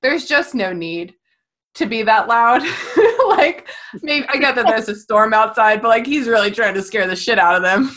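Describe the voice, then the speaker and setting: A woman's voice: on the high side, animated, moderate pace, fairly bright tone. A woman co-hosting a podcast, chatting casually about a film, laughing often and swearing now and then. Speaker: podcast co-host.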